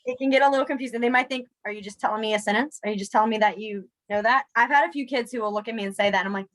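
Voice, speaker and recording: Young woman, chatty class teacher, lightly self-mocking, slightly high voice. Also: rapid-fire, poor audio. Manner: chatty, self-deprecating, animated when students try signs. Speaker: sign language teacher. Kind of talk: casual online class instruction.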